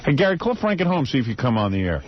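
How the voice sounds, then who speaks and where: A man's voice: medium pitch, very animated, very fast. A male radio show host doing comic banter, needling the people around him and laughing often. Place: radio studio. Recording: dull, noisy radio broadcast.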